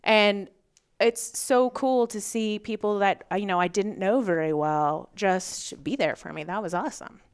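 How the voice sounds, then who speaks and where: A woman guest on a podcast, telling a story in a casual, animated way and acting out what people said. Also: mid-range voice, a little slow, clear, resonant tone. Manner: animated, acts out quoted dialogue. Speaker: hunting guest.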